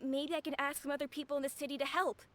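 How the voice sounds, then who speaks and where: A woman's voice: high-pitched, flat delivery, rapid-fire, background noise, natural voice. A woman voicing a polite little boy. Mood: earnest. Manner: earnest, polite. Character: polite young boy searching for dad. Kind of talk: video game voice acting.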